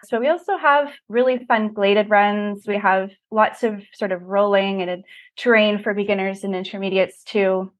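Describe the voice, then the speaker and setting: An enthusiastic woman speaking as a podcast guest. Her voice sits at an ordinary middle pitch. She talks in a casual, upbeat and friendly way. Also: steady tone, normal speed. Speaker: guest, ski resort expert. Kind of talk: casual interview chat.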